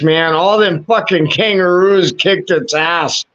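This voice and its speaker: A man's voice: high voice, slow, fairly bright tone, highs cut off. A man in casual chat, crude and joking, swearing heavily. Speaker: podcast co-host. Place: at home.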